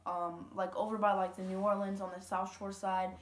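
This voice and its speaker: A woman's voice: medium pitch, level tone, moderate pace, roomy sound. A teenage girl from Louisiana telling a story to camera at home, rambling casually with lots of fillers and quoted dialogue. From Louisiana, USA. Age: teens. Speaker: vlogger. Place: home room.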